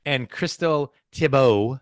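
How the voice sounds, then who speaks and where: A man co-hosting a casual podcast, reading race results in a playful, excitable way and tripping over names. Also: mid-range voice, slow, no room sound, clean studio sound. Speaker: podcast co-host.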